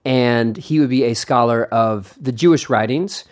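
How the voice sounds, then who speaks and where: A man's voice: medium pitch, a little slow. A young man hosting a podcast in casual chat, eager and rambling, often restarting his sentences and laughing along. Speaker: podcast host.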